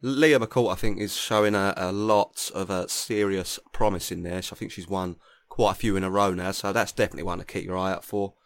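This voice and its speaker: Relaxed man on a dry mic. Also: sits low, fairly quick, dry recording. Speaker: podcast co-host. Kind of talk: casual sports chat.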